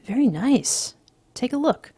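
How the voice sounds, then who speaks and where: A woman voicing a crude, blustery young yuppie man who often drops to a hush. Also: high voice, big pitch swings, a little slow, husky, no echo, pitched above the performer's own voice, full character voice.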